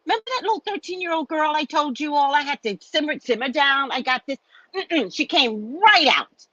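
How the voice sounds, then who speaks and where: Animated woman telling an indignant story. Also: high-pitched, fairly quick, dry recording. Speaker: psychic reader and host. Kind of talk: casual storytelling rant. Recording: dull lo-fi dry sound.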